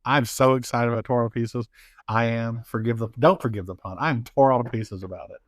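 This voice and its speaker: A man with an Appalachian accent, a guest author in a casual interview, telling lively stories, laughing often and acting out the voices he quotes. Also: mid-range voice, fairly quick, dry recording, clean studio sound. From Appalachian United States.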